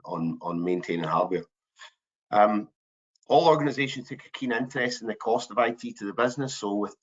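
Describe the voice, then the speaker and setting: A man with a fairly low voice presents a business webinar, pausing on frequent ums and restarting his phrases. His audio sounds muffled, like a lo-fi online call. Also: fairly bright tone. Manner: hesitant, many ums and restarts. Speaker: webinar host.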